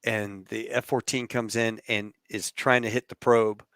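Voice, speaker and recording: A man's voice: fairly low pitch, flat delivery, measured pace, a bit bright, clear, resonant tone, no room sound, studio quality. A man hosting a podcast, telling an anecdote in a casual way and acting out the quoted voices. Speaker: podcast host. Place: lives in Texas.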